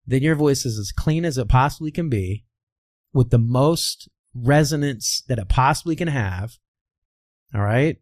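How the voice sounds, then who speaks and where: Heard on a dry recording, a man with a medium-pitched voice explains in a teacherly manner while guesting on an interview. He is a voice coach from the Midwestern United States who raises rhetorical questions and answers them himself.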